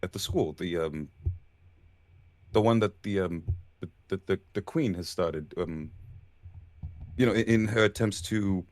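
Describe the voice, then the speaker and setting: A man voicing a flustered male professor who stammers and apologizes while flattering a lady. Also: deep voice, measured pace, pauses often.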